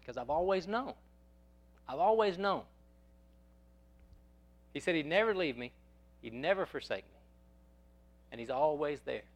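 A man's voice: fairly high pitch, expressive, unhurried, long pauses. A man preaching a sermon, telling personal stories in a folksy way and often repeating words as he goes.

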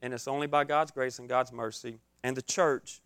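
A man's voice: medium pitch, fairly even intonation, normal speed, fairly bright tone, smooth, no room sound. A young man preaching an informal, joking sermon, acting out his own scared reactions.

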